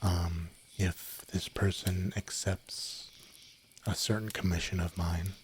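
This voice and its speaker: A young man with a very low voice chats softly into a desk mic before bed. He rambles, giggles, and drifts into whispers as he talks with his viewers. A faint hiss sits under the recording. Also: fairly even intonation, slow. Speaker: streamer. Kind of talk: soft-spoken late-night stream chat. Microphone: desk microphone, no windscreen.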